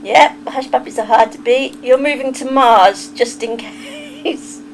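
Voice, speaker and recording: A woman's voice: high voice, a little slow, background noise. Chatty English woman on a livestream. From England. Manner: chatty, laughs often, wanders off on tangents. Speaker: livestream host. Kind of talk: casual chat reading a live chat.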